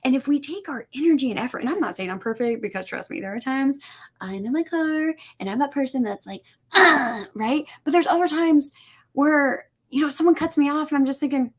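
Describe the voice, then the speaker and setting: Animated storytelling woman, higher voice. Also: brisk. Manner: animated, acts out quoted dialogue, many "like" fillers. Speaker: podcast guest, suicide prevention instructor. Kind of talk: casual storytelling in conversation.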